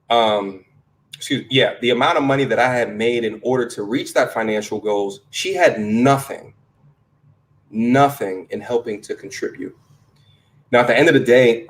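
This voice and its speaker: A man co-hosting a casual online talk show, arguing his side plainly and swearing now and then. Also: mid-range voice. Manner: loud and fired up when riled, casual with cursing. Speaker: podcast co-host. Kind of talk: casual debate chat on a video call.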